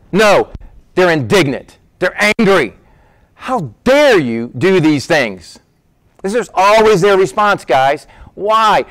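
Animated preacher man, dry sound. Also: on the high side, no room sound. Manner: emphatic, animated, repeats words when worked up; conversational, addresses listeners as "guys". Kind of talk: sermon, Bible teaching.

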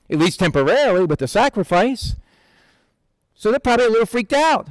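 High-voiced casual male preacher. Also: brisk, long pauses, dry recording, poor audio. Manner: conversational, animated, acts out Bible figures in quotes. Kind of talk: casual sermon.

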